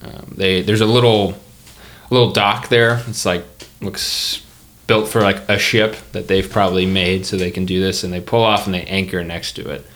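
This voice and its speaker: A man's voice: low voice, steady tone, normal speed, a bit bright. A man narrating as game master in a tabletop game, in a casual, rambling manner.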